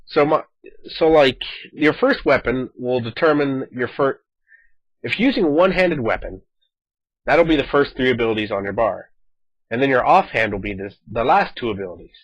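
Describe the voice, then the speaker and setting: A man chatting casually over his gameplay footage, animated and talkative, acting out quoted lines as he goes. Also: medium pitch, normal speed, no echo, muffled recording. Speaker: gaming video host.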